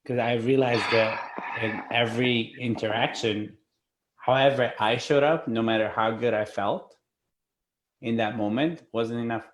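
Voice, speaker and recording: A man in a group discussion, telling a story in a lively way and swearing casually. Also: mid-range voice, unhurried, reverberant. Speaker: participant.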